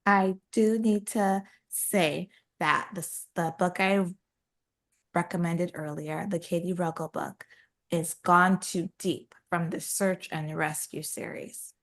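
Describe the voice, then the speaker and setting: A woman co-hosting a book podcast, retelling a story in a lively, animated way and jumping higher to voice characters. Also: slow. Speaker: podcast co-host. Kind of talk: casual book chat.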